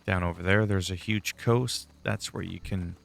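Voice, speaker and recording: A man's voice: sits low, fairly even intonation, normal speed, gravelly. A man giving casual, rambling commentary while playing a game, chatty and swearing freely. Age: adult, long-time player. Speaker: gaming channel host.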